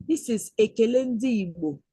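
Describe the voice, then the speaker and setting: A woman teaching an online language lesson, speaking slowly and patiently and repeating words for learners. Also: fairly high pitch, lively intonation, mellow, breathy edge. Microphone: video call.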